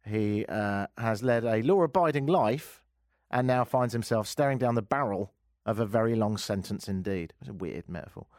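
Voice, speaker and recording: A man's voice: on the low side, normal speed, darkish tone, no echo, studio quality. A man from England hosting a comedic talk radio show, joking and sarcastic as he banters and tells news stories. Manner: joking, sarcastic, laughs at his own lines. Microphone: studio microphone.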